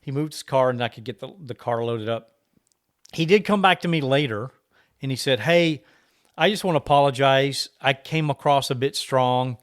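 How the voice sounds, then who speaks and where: This man co-hosts a casual podcast, spinning a long anecdote and acting out the quoted exchanges he had with other drivers. His pitch is medium and his speed normal.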